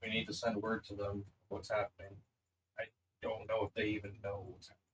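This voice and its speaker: A man's voice: on the low side, monotone, a little fast, a bit bright, slight background noise, poor audio. A man playing a tabletop game, giving direct orders in character. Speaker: player.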